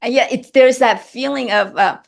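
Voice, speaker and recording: A middle-aged actress speaking as an interview guest, emotional and halting with many restarts. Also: female voice, a little high, gravelly. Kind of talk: interview chat.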